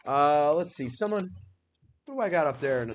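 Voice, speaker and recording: An energetic man teaching a classroom grammar lesson, his voice sitting a touch high for a man. He keeps the class going with quick questions and reads each example sentence out slowly. A faint hum of noise runs under the recording. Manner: upbeat and energetic, asks the class many questions.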